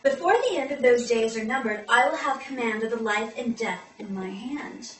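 A woman voicing a grim man reciting a dark decree, solemn and formal in a high, bright voice. The sound carries the echo of a room, with the mic set well back. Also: expressive, normal speed, a little hiss or hum. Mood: grave. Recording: echoey room, mic far off.

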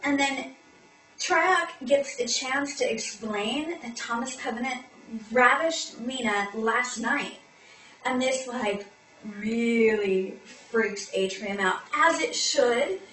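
A woman's voice: fairly high pitch, slow pace, pushed and bright. A woman co-hosting a comic podcast, recapping a fantasy novel chattily with lots of fillers. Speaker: podcast co-host. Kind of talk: comic book-club recap. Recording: echoey room, mic far off.

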